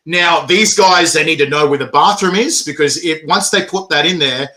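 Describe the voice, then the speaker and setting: A man, chatting casually as the interviewer. His voice sits a little high and rings bright and forceful. He tells lively stories and laughs often. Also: normal speed. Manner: animated storytelling, laughs often. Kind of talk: casual chat.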